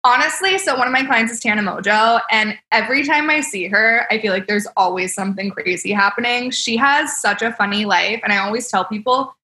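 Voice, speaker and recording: A woman's voice: a little high, brisk, hardly any pauses, bright, forceful tone. A young woman, a makeup artist, telling stories in casual podcast chat, bubbly and laughing often, full of "like". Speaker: celebrity makeup artist guest. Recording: roomy echo.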